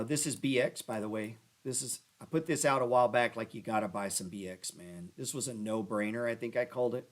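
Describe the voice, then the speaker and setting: A man hosting a casual stock trading show, rambling and cursing as he talks through charts and breaks into loud rants. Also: medium pitch. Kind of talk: casual livestream chat over stock charts. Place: lives in New Orleans.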